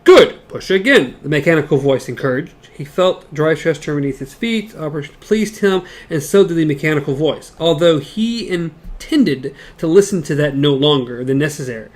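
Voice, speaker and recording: A man co-hosting a casual book discussion podcast, reading passages aloud haltingly with stumbles and side comments. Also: fairly high pitch, darkish tone. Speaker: podcast co-host.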